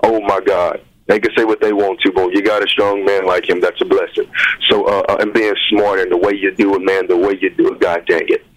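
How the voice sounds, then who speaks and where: A young man with a very deep voice calls in to a talk show. He is effusive but halting, and his sentences keep stalling on repeated fillers. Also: flat delivery, a crowd in the background, rough recording. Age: young adult. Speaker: caller.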